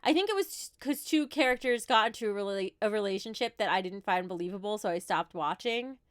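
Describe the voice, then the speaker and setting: A woman's voice: mid-range voice, lively intonation, fairly quick, no room sound, clean studio sound. A woman in her thirties with a New Jersey accent, chatting casually on a livestream as she answers viewer questions with light laughs. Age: 30s.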